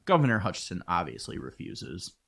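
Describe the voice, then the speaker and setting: Low-voiced man hosting a casual podcast. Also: huge pitch swings, fairly quick, vocal fry, fairly bright tone. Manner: joking, loose, with filler words and swearing. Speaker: podcast co-host. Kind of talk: casual history podcast chat.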